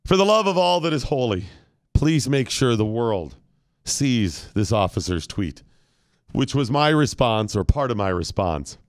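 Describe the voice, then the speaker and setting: A man hosting a talk show, ranting with mock solemnity and breaking into loud indignant outbursts. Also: medium pitch, big pitch swings, a little slow, clear, resonant tone. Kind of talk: comic rant on a talk show.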